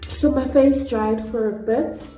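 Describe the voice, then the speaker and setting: A woman's voice: a little high, a little slow. Chatty woman with a put-on Nigerian accent. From South Africa. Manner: chatty, excitable, self-deprecating. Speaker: beauty vlogger. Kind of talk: casual makeup tutorial. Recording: echoey room with faint music.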